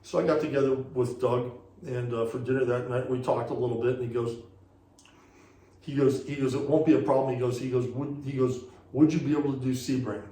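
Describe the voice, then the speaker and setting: A man's voice: medium pitch, steady tone, brisk, mellow, roomy sound, far from the mic, poor audio. Rambling man telling a racing story. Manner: rambling, repeats "he goes" while retelling conversations. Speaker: interview guest, former racing series director. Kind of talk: casual storytelling.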